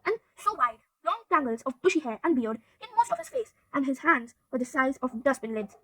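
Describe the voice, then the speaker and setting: High-voiced woman reading a storybook. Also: no room sound, poor audio. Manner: steady reading, occasional stumbles. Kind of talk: storybook read-aloud narration.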